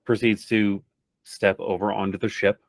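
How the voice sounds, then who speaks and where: A man narrating a tabletop game as game master, in a halting way with many fillers. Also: fairly low pitch, little pitch movement, dry recording.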